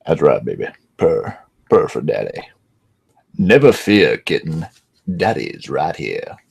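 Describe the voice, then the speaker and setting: A man dropping into a much deeper voice to play a doting owner cooing to his kitten. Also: sing-song, slow, gravelly, darkish tone, slightly rough, exaggerated voice. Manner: low, cooing, drawn out.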